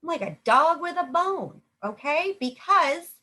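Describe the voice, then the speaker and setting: Her voice is high-pitched, sing-song and sharp-toned, and she speaks a little slowly. This young woman is a network marketing coach talking casually from home, upbeat and chatty, acting out example sales exchanges.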